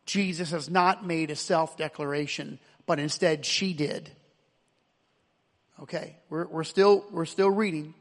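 A man's voice: a little high, steady tone, measured pace, long reverb tail. A man preaching a sermon as pastor, emphatic, with frequent repeated words and restarts.

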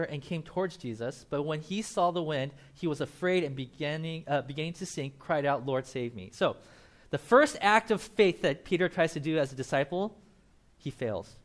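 A young man preaching a casual sermon as pastor, animated, acting out Bible characters and laughing often. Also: a little high, moderate pace.

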